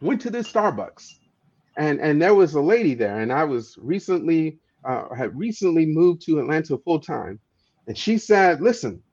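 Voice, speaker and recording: A man appears as an activist guest, telling a passionate story in conversation and often stumbling as he repeats words emphatically. His voice is a little high and sing-song, with a darkish tone and normal speed. The audio is dull and lo-fi.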